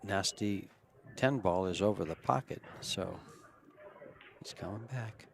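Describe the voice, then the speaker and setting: A man commentating on pool, relaxed and chatty, chuckling as he tells stories. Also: low-pitched, unhurried, vocal fry, a little hiss or hum. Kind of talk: live sports commentary, chatty.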